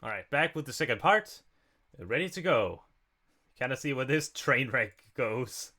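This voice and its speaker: A man's voice: mid-range voice, lively intonation, measured pace, bright, forceful tone. A man giving casual blind reaction commentary on an audio drama as a video plays. He rambles, restarts his sentences and laughs often. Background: music from the video.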